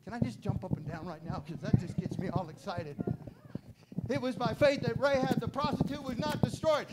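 High-voiced man preaching with big swings. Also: fairly quick, heavy background noise. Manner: animated preaching, swinging from soft asides to shouting. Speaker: pastor. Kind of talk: sermon. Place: church sanctuary.

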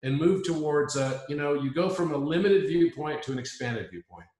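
A man's voice: fairly high pitch, lively intonation, normal speed, a little mellow, roomy sound. A man as an interview guest in a reflective conversation. He talks earnestly, often restarting his sentences and repeating words.

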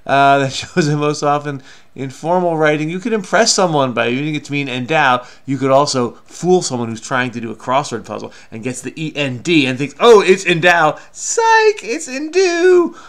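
A man's voice: medium pitch, fairly quick. A man hosting a crossword video, talking through his solve in a rambling, self-mocking, chatty way. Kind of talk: casual solo commentary while solving.

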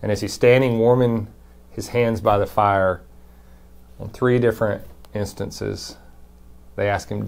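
A pastor records a short devotion, speaking conversationally and reading Scripture aloud with emphasis. His voice sits on the low side, creaky and darkish, with a steady tone, a measured pace, and long pauses.

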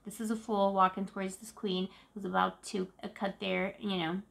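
A woman's voice: medium pitch, little pitch movement, normal speed, gravelly, a bit bright. A woman in her forties doing a casual tarot reading to camera, chatty and emotive, often calling the viewer "boo-boo". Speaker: tarot reader.

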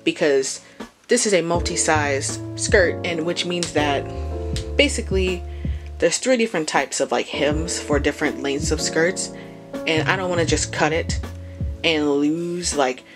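Low-voiced woman explaining sewing steps. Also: a little slow. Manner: chatty, thinks aloud, restarts phrases. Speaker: sewing vlogger. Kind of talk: casual how-to explanation. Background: chill background music.

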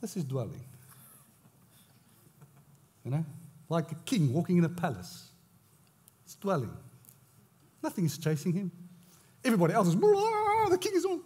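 A male pastor with an Australian accent preaching a sermon, swinging between loud exclamations and hushed, intense moments. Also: a little high, big pitch swings, normal speed, long pauses.

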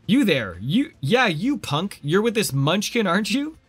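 Man putting on a vain, bullying video game punk, loud and high, sneers every line. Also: very animated, unhurried, husky, soft background music, exaggerated voice. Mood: sneering. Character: vain, bullying adult male street punk.

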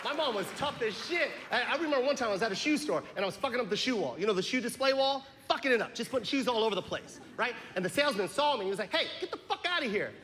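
A man doing stand-up with energetic, loud punchlines and crowd work, then talking about his mother. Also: extremely high pitch, rapid-fire, few pauses, background noise. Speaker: stand-up comedian. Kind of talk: stand-up set and interview.

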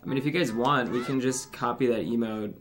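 A young man streaming a game, rambling and swearing as he chats, laughing often. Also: mid-range voice. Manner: profane, rambling, quick to laugh. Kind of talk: casual livestream commentary. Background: game music.

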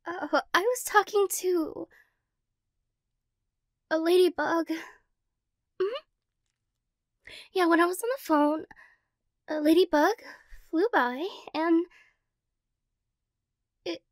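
Very high-voiced woman in whispered role-play. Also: drawn-out words, pauses often, no echo, clean studio sound. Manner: soft, rambling, self-conscious and emotional. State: teary after crying. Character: tearful ex-girlfriend woman, lovesick and flustered. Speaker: ASMR role-play performer.

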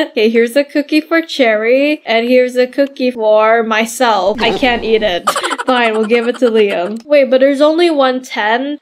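A high-pitched young woman chats through a casual game playthrough. She is playful and breaks into giggles often as she arranges her characters and talks to them. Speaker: gaming channel host.

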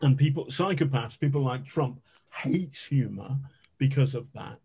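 A man's voice: medium pitch, animated, measured pace, mellow, husky. A middle-aged man telling vivid, self-mocking anecdotes as an interview guest, swearing freely. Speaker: guest, investigative journalist. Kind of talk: conversational storytelling.

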